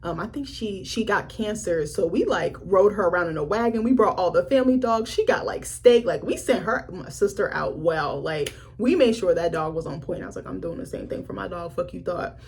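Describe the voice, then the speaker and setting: Husky, animated young woman vlogger. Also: fairly low pitch, fairly quick, hardly any pauses. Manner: animated, swearing, acts out characters' lines. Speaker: film reviewer. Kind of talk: casual vlog review.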